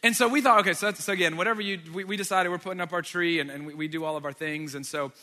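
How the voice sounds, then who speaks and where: Bright-voiced man preaching in echoing hall. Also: high-pitched, steady tone, very fast. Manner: joking asides to the audience. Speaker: pastor. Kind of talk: sermon storytelling. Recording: long reverb of a large hall.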